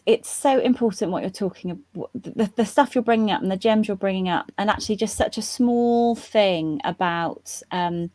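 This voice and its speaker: A woman's voice: medium pitch, normal speed, few pauses, a little mellow, no echo. Earnest woman host on a dry video call. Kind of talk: discussion.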